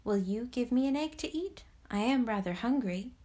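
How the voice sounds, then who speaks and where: A woman's voice: a little high, animated, normal speed, dark tone. A woman voicing a curious little girl princess in a storybook reading, asking eager, wondering questions.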